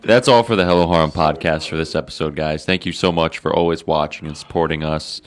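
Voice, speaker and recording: Deep-voiced laid-back podcast host, man. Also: steady tone, a little fast. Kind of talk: casual chat among friends.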